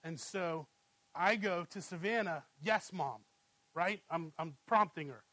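A man in his thirties preaches in a relaxed, conversational way, asking "right?" again and again. His voice sits high for a man. The sound is dry and close. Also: measured pace, dry recording, poor audio. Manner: conversational, asks "right?" often, animated when storytelling. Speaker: pastor. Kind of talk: sermon with family anecdotes.

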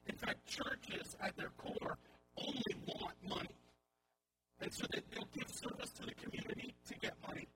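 A man's voice: normal speed, bright, forceful tone, rough recording. A male pastor giving a sermon in a conversational style with wry asides, over a recording with hum and noise. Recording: audible hum and background noise.

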